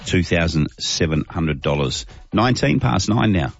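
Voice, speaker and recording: A man's voice: sits low, lively intonation, moderate pace, creaky, slightly rough, lo-fi sound, faint music behind. A man with an Australian accent hosting talk radio, reading listener texts in a chatty, jokey, matey way. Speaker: radio host.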